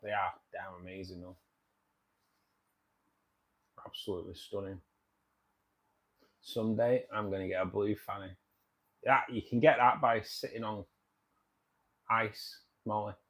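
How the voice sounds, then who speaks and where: A man's voice: lowish voice, steady tone, unhurried, pauses often, a bit bright. A man hosting a casual livestream, reading viewer comments and chatting in a jokey way, often repeating himself.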